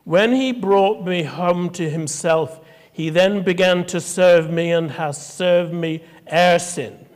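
A woman's voice: lowish voice, slow, a little mellow, big-room sound. A man reading the lines of a humble, pious old countrywoman from a sermon note, with dialect words. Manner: plain-spoken, dialect words, read aloud.

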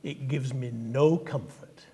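A woman's voice: extremely low pitch, slow, warm tone, husky, big-room sound, pitched below the performer's own voice, full character voice. A man reading the lines of a humble, pious old countrywoman from a sermon note, with dialect words. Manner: plain-spoken, dialect words, read aloud.

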